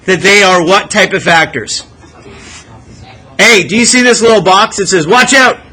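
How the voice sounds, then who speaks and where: A male math teacher talks a classroom through a lesson, prodding students with questions and asking them to think out loud. His voice sits high for a man and sounds bright. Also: moderate pace, husky, low-quality recording.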